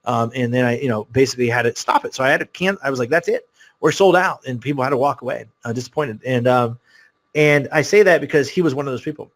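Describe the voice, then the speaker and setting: A man pitches to his online audience at a rapid clip, his words tumbling out in an excitable, rambling story. His pitch sits in an everyday middle range, and he pads his sentences with fillers and restarts as he pushes toward a sales link. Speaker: webinar host selling a course. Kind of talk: live sales webinar pitch.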